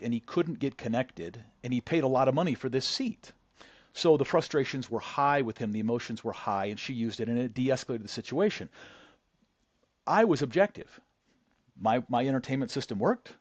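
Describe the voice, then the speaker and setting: A man's voice: mid-range voice, no room sound. A man talking as a podcast guest, telling anecdotes in an easy conversational flow. He often restarts and repeats words mid-sentence. The sound is dry and a little dull, like a lo-fi remote recording. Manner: frequent restarts and word repeats. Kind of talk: conversational storytelling.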